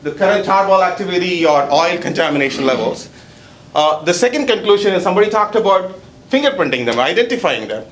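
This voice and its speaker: A man's voice: sits high, expressive, quick pace, a bit bright, echoey room. A man presenting research at a seminar, chatty and joking, with an accent, often adding "okay?". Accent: non-native accent. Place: seminar hall.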